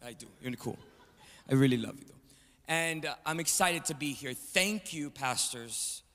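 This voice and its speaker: A man's voice: medium pitch, expressive, moderate pace, pushed and bright. A man preaching as a guest speaker, joking with the congregation and calling for them to answer back, in a large church. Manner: joking, call-and-response with the crowd. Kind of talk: energetic sermon. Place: church sanctuary, large indoor. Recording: reverberant church hall.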